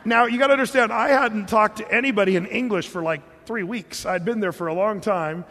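Storytelling pastor in a reverberant hall. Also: male voice, sits high, brisk, fairly bright tone. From California. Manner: storytelling, conversational with filler words and restarts. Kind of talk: sermon.

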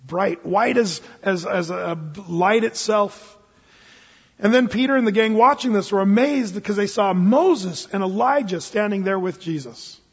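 A male pastor preaching a sermon in a lively, animated way, acting out Bible figures in quick asides. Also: high voice, slightly rough. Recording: lo-fi sound in a hall with long reverb.

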